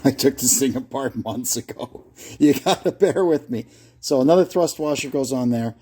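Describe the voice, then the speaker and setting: In his garage, a man with a medium-pitched, dark, slightly rough voice explains a brake lathe repair one step at a time. He muses aloud with fillers and hesitations as he works, captured by a phone propped nearby, in a casual shop tutorial style.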